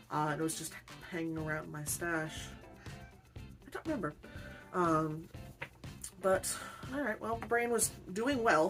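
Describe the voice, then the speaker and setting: A woman weaver chatting in a rambling, self-deprecating way during a casual unboxing vlog, laughing often. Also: sits low. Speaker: weaver, channel host.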